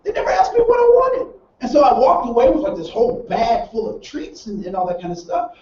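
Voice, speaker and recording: A man with a high voice leads a training session in a roomy space. He talks like a storyteller and keeps putting rhetorical questions to his listeners. He sits back from the mic, and the sound is dull with faint noise underneath. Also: dark tone, distant mic. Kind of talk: training seminar talk.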